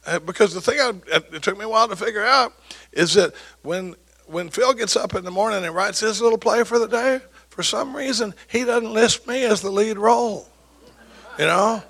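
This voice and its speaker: A man in his sixties with a gravelly, husky voice that sits a little high for a man. He tells stories and jokes, and keeps checking in with his listeners as he speaks to a recovery meeting. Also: normal speed. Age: 60s. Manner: storytelling, joking, animated asides to the audience. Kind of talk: folksy recovery talk.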